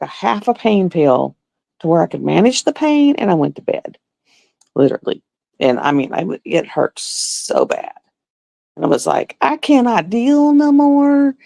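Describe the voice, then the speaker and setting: A woman's voice: low voice, gravelly, a little mellow, no echo. A woman hosting a livestream, chatting casually with viewers and acting out quotes as she tells stories. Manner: chatty storyteller, acts out quotes. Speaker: livestream host.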